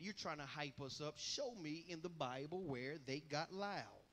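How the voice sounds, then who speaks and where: A man with a Southern accent preaching a revival sermon, shouting in bursts and filling pauses with "uh". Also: fairly high pitch.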